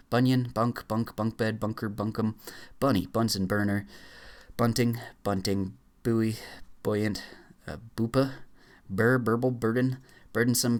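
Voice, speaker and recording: A man with a fairly low voice races through a dictionary, reading words aloud one after another. He trips over entries, backs up and fills gaps with quick "uh"s as he pushes on. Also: a bit bright. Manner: rattles off words in quick lists, stumbles and fillers. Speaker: YouTuber. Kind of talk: rapid dictionary read-aloud challenge.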